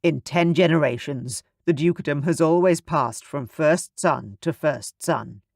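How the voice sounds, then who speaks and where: A man voicing an earnest young duke in an audiobook, firm and measured. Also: on the high side, creaky, no echo, clean studio sound. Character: brooding young duke, proud and intense. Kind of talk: audiobook character voice.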